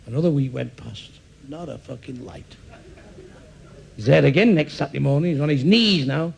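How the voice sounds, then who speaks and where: A man's voice: mid-range voice, animated, a little fast, vocal fry, darkish tone, a little hiss or hum. An older man tells crude, profane stand-up jokes in a blunt way and acts out their characters. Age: 60s. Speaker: stand-up comedian. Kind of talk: stand-up joke telling.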